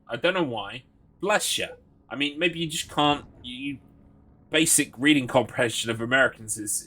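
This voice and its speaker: A young British man commentating his own playthrough. His voice has a bright edge at a middle pitch, and he slips between reading the game text aloud and joking with his viewers. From Britain. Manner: reads item text aloud, mocks and jokes with chat. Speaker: streamer.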